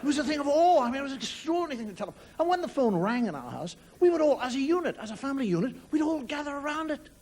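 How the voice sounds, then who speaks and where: A man's voice: very high voice, sing-song, very fast, few pauses, a little mellow. A middle-aged Irish man telling a wry stand-up story, acting out voices, in a 1990 TV studio with an audience. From Ireland. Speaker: comedian. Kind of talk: stand-up monologue. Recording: 1990 TV broadcast with audience noise. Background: audience laughter.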